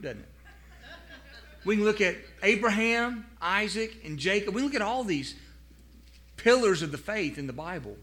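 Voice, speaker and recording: A male pastor with a high, bright, forceful voice delivers a sermon to his congregation. He is earnest and stumbles into repeated words. He slows down when quoting scripture and invites the listeners to answer back. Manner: asks the congregation to respond aloud.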